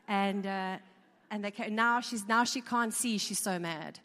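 Woman chatting to a crowd in a big hall, mid-pitched, lots of ums and restarts, long echo. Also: steady tone, moderate pace, fairly bright tone. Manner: conversational, repeats words, frequent ums. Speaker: speaker. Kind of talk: informal talk to a live audience. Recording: long reverb of a large hall.

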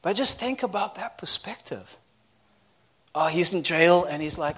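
A man preaching a sermon in an animated, conversational way, often laughing and asking the crowd questions. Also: sits high, measured pace, slightly rough.

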